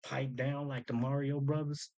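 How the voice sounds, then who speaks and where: A man's voice: medium pitch, little pitch movement, moderate pace, darkish tone. A man hosting a casual breakdown of rap lyrics, thinking aloud, repeating lines back and explaining them in loose slang. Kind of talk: casual commentary.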